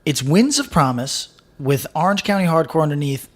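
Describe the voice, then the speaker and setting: A man's voice: fairly high pitch, big pitch swings, normal speed. Joking, swearing podcast man. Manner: joking, swears, talks with food in mouth. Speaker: podcast co-host. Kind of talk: casual chat.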